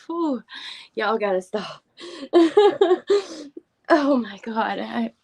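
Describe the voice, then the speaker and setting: A woman running a casual livestream thanks viewers by name while trying not to cry, and she often slips into a whisper. Her fairly high voice is animated yet slow, slightly rough, and marked by vocal fry.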